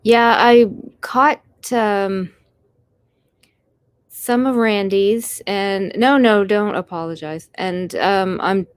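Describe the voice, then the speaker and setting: A woman's voice: mid-range voice, slow pace, smooth, dry recording. A Canadian woman with a Canadian accent, hosting a casual live stream, tired and rambling as she answers her chat with small apologies.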